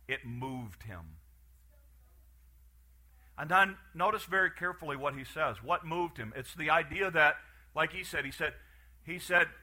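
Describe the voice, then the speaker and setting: A man preaching a sermon, animated and storytelling, with frequent restarts and acted-out farm scenes. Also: high voice.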